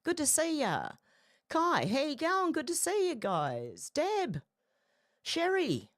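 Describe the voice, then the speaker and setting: A woman's voice: high-pitched, huge pitch swings, takes it slowly, no echo, clean studio sound. A woman hosting a casual live stream, greeting viewers and talking with feeling. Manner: emotional, breaks into soft singing.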